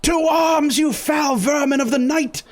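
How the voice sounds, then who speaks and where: A man voicing a jittery, fussy passenger who mutters to himself and breaks into shrill yelps. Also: a little slow, breathy edge, heavily acted. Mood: frantic. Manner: excitable, shrill, jumps into yelps and shouts.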